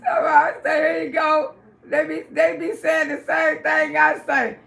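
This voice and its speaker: An older woman hosting a live stream, chatting loudly with viewers, laughing often and swearing freely as she gossips. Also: high-pitched, a little slow, creaky. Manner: loud, cackling, outspoken gossip. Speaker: livestream host.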